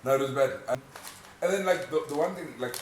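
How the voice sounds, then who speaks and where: A man's voice: mid-range voice, brisk. A man co-hosting a casual podcast, telling stories with acted-out quotes and some swearing. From South Africa. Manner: animated storyteller, acts out quotes, swears. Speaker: podcast co-host. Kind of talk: casual chat. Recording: echoey room, mic at a distance, noisy.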